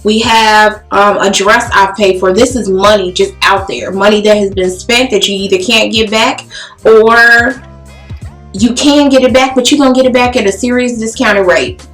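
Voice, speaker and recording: A woman's voice: mid-range voice, normal speed. A woman telling a personal story in a casual, blunt and profane way, acting out the dialogue. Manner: animated, blunt and profane, acts out quoted dialogue. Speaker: beauty vlogger telling a story. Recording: roomy echo with faint music.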